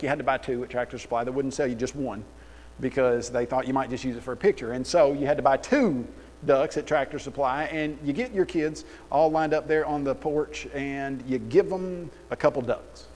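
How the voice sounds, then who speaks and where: A man preaching a sermon in an animated, sarcastic storytelling way. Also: mid-range voice, in a large hall, rough recording. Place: church auditorium.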